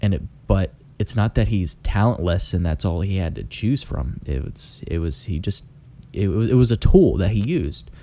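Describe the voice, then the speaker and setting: A man talking casually on a podcast, halting often and filling gaps with "you know". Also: deep voice, lively intonation, dark tone. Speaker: podcast co-host. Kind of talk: casual chat.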